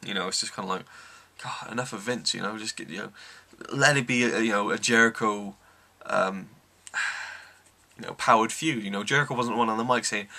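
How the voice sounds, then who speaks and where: A man's voice: on the low side, fairly quick, bright, forceful tone. A man giving an enthusiastic, rambling wrestling review, full of ums. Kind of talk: casual review monologue.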